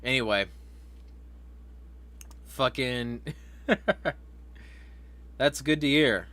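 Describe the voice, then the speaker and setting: A man's voice: mid-range voice, very slow, a bit bright, dry recording. A man hosting a casual livestream, swearing freely, laughing often and reading viewer comments aloud. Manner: profane, laughing, reads chat comments aloud. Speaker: vlog host.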